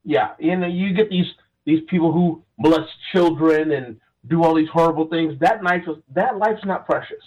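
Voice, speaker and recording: A man's voice: fairly high pitch, moderate pace, darkish tone, muffled recording. A man hosting a casual conversation, speaking in a consoling way and often restarting his sentences. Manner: consoling, keeps restarting with "the thing is".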